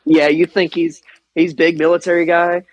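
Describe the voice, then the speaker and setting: A Midwestern American man appears as a podcast guest, telling lively airsoft stories in relaxed conversation, cursing freely and laughing a lot. His voice is a little high and his pace normal, captured in a dry but poor-quality recording.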